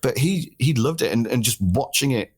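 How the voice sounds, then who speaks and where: A young British man chatting casually as a podcast guest, telling lively stories with frequent laughs and casual swearing. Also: medium pitch, moderate pace, slightly rough. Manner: animated storyteller, laughs often, swears casually. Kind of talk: casual conversation.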